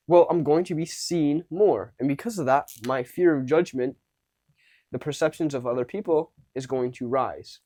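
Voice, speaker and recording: With a warm, fairly high voice at a moderate pace, the man plays out unsure and then confident tones as he casually coaches social skills to camera, moving between hesitant and commanding. No echo is heard.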